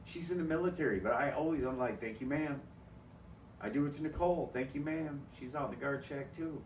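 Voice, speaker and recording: A man's voice: mid-range voice, brisk. A young man co-hosting a podcast, telling stories with lots of swearing. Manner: profane, ranting storyteller. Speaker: podcast co-host. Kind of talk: casual chat. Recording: roomy echo, distant mic, faint noise.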